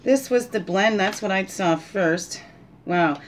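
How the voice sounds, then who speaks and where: A woman with a mid-range voice talks at a slow pace as she gives a casual oracle card reading at home. Her spiritual guidance meanders in a reflective way, often turning to questions for the listener.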